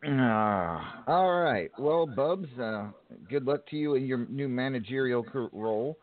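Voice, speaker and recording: A man's voice: mid-range voice, animated, measured pace. A man hosting a call-in show, bantering and often stumbling over his words. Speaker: host. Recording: phone-like narrow sound.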